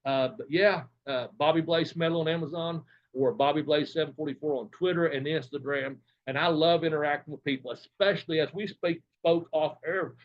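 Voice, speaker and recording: A man's voice: on the high side, fairly even intonation, fairly quick, hardly any pauses. A man guesting on an interview, telling rambling, profane anecdotes with laughs along the way. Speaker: guest, former wrestler. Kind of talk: casual storytelling interview. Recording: dull lo-fi sound.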